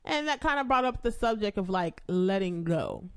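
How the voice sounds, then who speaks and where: A woman's voice: medium pitch, lively intonation, normal speed, clean tone, no echo, studio quality. A woman hosting a podcast, chatting casually and bluntly, cursing freely as she tells a story. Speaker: podcast host. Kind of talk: casual profane chat.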